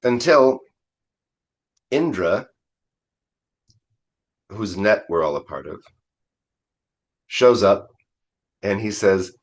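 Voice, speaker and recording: A man, a Zen priest, giving a dharma talk by retelling an old story in a conversational, animated way. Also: sits low, slow, pauses often.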